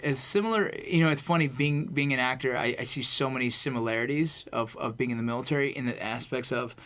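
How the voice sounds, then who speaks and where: A man's voice: mid-range voice, fast talker. A man in casual podcast conversation, telling stories intensely and swearing freely. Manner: intense, profane, animated storytelling. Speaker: guest, veteran turned actor. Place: Los Angeles.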